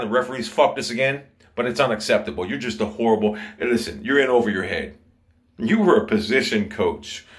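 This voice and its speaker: Ohio guy going off, swearing nonstop, heated rant. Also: medium pitch. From Ohio, USA. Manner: profane, heated, ranting. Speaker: sports commentator. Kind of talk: angry fan rant.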